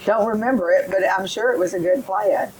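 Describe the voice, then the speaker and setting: A woman's voice: mid-range voice, a little fast, darkish tone, slight background noise, rough recording. A woman leading a teacher training session, giving directions and modeling phonics drills aloud.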